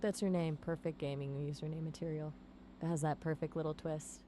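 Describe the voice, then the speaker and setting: A woman's voice: low voice, little pitch movement, a little fast, dark tone, slight background noise. A synthetic woman's voice acting as an AI companion, chatty and full of playful quips. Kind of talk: conversational AI chat.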